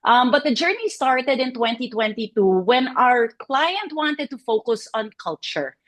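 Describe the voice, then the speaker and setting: A woman presents a client case study over a video call. She talks in a chatty, animated way, full of fillers and little laughs. Her voice sits slightly high. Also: a little slow. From Philippines. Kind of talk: online presentation.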